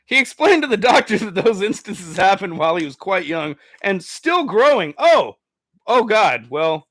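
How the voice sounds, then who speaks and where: A man's voice: high-pitched, no room sound, clean studio sound. A man hosting a comedy news show, reading stories aloud and breaking off into crude, swearing asides and giggles. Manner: crude, swearing, giggling asides, animated swings from mutters to exclamations.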